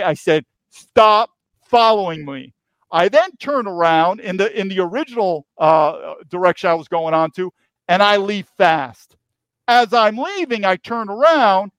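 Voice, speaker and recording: In a dry recording, a New York man with a high voice guests on a podcast and recounts a story with emphasis. He keeps repeating key phrases during the interview.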